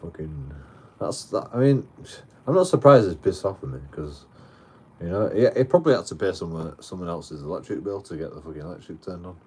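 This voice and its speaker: A man's voice: low-pitched, lively intonation, brisk, warm tone, breathy edge. A man telling a story outdoors, rambling, swearing heavily and restarting his sentences. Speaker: livestreamer. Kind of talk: casual storytelling.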